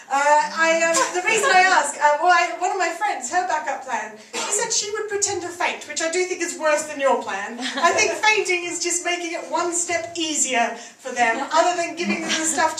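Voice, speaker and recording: High-voiced woman doing stand-up. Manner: chatty, giggles through her lines. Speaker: stand-up comedian. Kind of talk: stand-up comedy set. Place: theatre stage before a live audience. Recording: echoey, distant live recording with noise.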